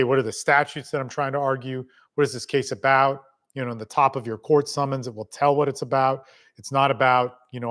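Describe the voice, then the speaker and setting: A man's voice: medium pitch, a bit bright. A middle-aged man coaching people on family court in a blunt, casual spoken lesson, swearing freely and talking straight to the listener.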